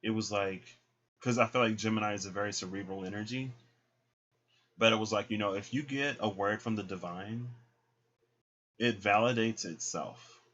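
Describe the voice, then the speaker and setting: A man's voice: on the low side, fairly even intonation, normal speed, long pauses, fairly bright tone, dull audio. A man giving a casual, chatty tarot reading, full of fillers and acted-out quotes. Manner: chatty, filler-heavy, acts out voices in quotes. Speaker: tarot reader.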